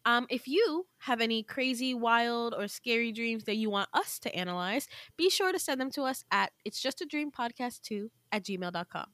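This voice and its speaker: A woman hosts her podcast in a loose, chatty way, drifting through fillers and playful asides. Her voice sits a little high. The sound is dry and close, with no room echo. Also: lively intonation, normal speed, few pauses, a bit bright. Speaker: podcast host. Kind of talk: casual podcast outro.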